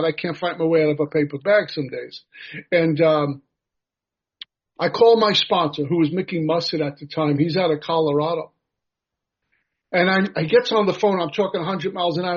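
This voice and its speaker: Husky-voiced man sharing his recovery story. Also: fairly high pitch. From United States. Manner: earnest storytelling with self-deprecating humor. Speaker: recovery meeting speaker. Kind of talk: personal recovery share. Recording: dull lo-fi recording.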